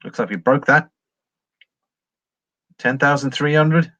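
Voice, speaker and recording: A man's voice: medium pitch, takes it slowly, a bit bright, no room sound, lo-fi sound. A man hosting a casual livestream, rambling as he reads viewer comments and talks through price charts. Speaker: livestream host reading charts.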